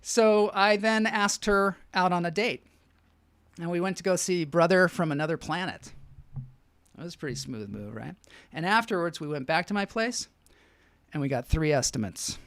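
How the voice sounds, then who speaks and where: A man's voice: sits high, lively intonation, normal speed, a bit bright, no room sound. A man hosting a live online show, telling rambling comic stories and reading out the chat, often laughing at his own jokes.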